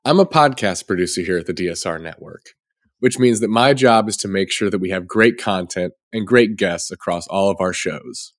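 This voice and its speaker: A man's voice: low-pitched, normal speed. A man, a podcast producer, reading a membership appeal in a polite, scripted way. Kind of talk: read membership ad.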